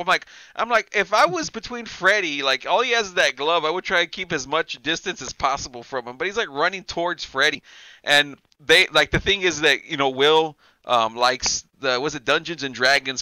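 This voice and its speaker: Male podcast host, casual rambling and profane, bright and clear, dry close sound. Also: on the high side, dry recording, poor audio. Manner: rambling, profane, laughs often. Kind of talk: casual chat.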